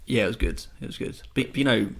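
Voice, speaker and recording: Gravelly, rambling young man. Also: fairly low pitch, quick pace, a bit bright. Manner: rambling, swears, enthusiastic. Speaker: podcast co-host. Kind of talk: casual chat.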